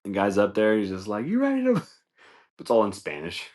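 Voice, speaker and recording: Male podcast host, very low voice, loose profane comic rambler who acts out bits. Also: steady tone, moderate pace, darkish tone. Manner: rambling, profane, laughs often, acts out scenes. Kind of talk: casual comedic monologue.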